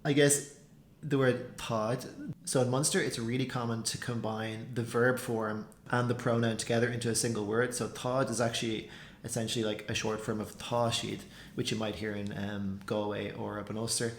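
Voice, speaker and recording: Male tutor, casual and filler-heavy, mid pitch, recorded in an echoey room. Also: level tone, normal speed, slight background noise. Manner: chatty, loose, lots of fillers. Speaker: language teacher. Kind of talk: casual explainer commentary. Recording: roomy echo.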